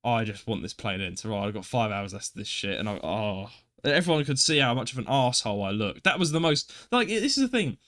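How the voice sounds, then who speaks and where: Young man, podcast co-host, casual storytelling, self-deprecating, animated. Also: medium pitch, brisk, hardly any pauses. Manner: animated, self-deprecating, acts out his own reactions.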